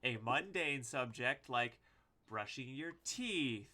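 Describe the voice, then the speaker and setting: A man's voice: medium pitch, expressive, takes it slowly, bright, forceful tone. A man co-hosting a casual podcast chat, joking and mocking himself. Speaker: podcast co-host.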